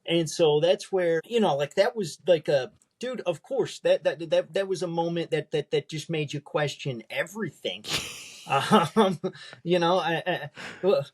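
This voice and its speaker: A man's voice: on the high side, unhurried, a little mellow. A young man as a podcast guest, chatting casually and rambling with many fillers. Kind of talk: casual chat.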